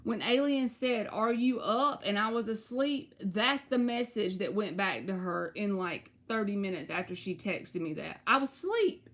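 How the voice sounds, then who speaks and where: A woman, giving tarot readings on a live stream and chatting to her viewers in an animated, storytelling way. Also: medium pitch, unhurried, hardly any pauses. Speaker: tarot reader.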